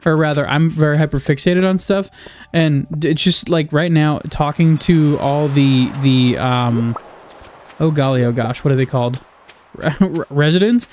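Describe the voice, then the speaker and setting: A man's voice: fairly high pitch, unhurried, a little mellow. A young man giving casual let's-play commentary, rambling, sarcastic and swearing, often cutting himself off mid-sentence. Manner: rambling, self-interrupting, swears a lot, sarcastic. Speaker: gaming video creator.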